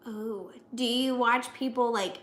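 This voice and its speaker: A woman from the US Midwest chatting casually, giggly and animated as she tells stories. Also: on the high side, unhurried, echoey room. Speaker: guest, fiancée of the cameraman. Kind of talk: casual chat.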